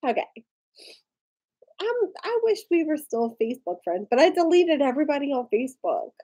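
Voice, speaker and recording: Tipsy, husky-voiced woman rambling. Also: high voice, big pitch swings, quick pace, warm tone. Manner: rambling, lots of "like". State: drunk. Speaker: vlogger. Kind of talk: tipsy casual storytelling.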